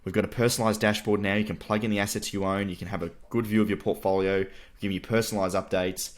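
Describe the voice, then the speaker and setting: An Australian man from Tasmania co-hosting a podcast, chatting in a quick, upbeat way. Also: fairly low pitch, level tone. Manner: fast, upbeat banter with mates. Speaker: podcast co-host. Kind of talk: casual podcast chat.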